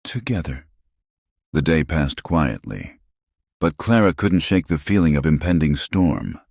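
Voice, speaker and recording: In an extremely deep, gravelly voice, a man narrates a western tale at an unhurried, steady pace, like a scripted storybook reading. The sound is close and dry, with no echo or room around it.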